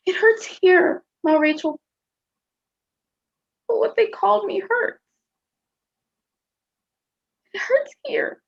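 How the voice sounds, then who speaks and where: A woman's voice: high-pitched, creaky, dull audio, heavily acted. A woman playing a small, earnest young boy who asks plaintive, childlike questions in a stage play.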